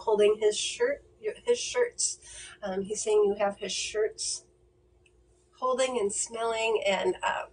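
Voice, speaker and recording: A woman giving a mediumship reading on a livestream, speaking gently and reassuringly, with many fillers and restarts. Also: on the high side. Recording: distant mic with faint noise.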